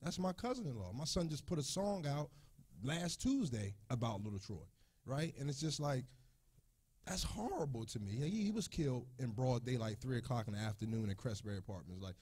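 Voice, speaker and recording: Husky-voiced man at a community meeting. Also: big pitch swings, fairly quick, a little mellow. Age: 30s. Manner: heartfelt, voice rising high with emotion. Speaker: community member; youth football coach. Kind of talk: emotional personal testimony.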